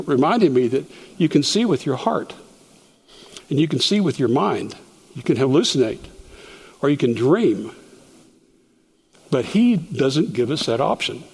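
A man's voice: fairly high pitch, husky, long reverb tail. A man teaching a Bible study verse by verse, explaining as he goes and often stopping to restart a word. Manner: explanatory, stops to restart words.

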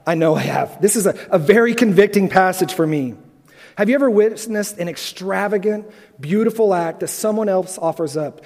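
A man preaching a sermon earnestly, asking the congregation rhetorical questions and pausing for effect. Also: high-pitched, warm tone. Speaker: pastor. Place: large auditorium. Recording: long hall reverb.

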